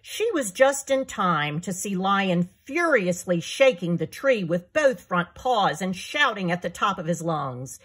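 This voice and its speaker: A woman author reading her children's picture book aloud in an expressive storytelling manner. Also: medium pitch, unhurried, hardly any pauses, slightly rough.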